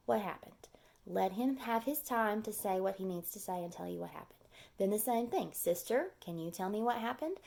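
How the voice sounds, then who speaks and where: A woman teacher giving parenting advice in a calm, measured way, repeating key phrases with frequent ums. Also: medium pitch, creaky.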